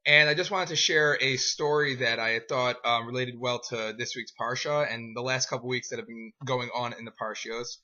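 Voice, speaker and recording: A young man, a youth group adviser, telling an animated story in casual talk and often tossing in "right?" to his listeners. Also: medium pitch, moderate pace, few pauses. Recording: dull lo-fi recording.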